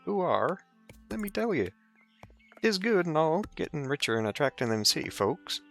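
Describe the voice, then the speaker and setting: A man's voice: on the high side, big pitch swings, normal speed, vocal fry, fairly bright tone, faint music behind, pitched above the performer's own voice, heavily acted. A man voicing a cheerful rustic peasant man in a video game, with an exaggerated folksy dialect.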